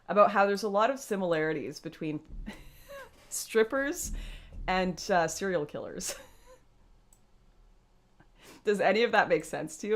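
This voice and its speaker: A young woman hosting a casual livestream, chatting to her viewers and laughing often. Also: on the low side. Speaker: livestream host.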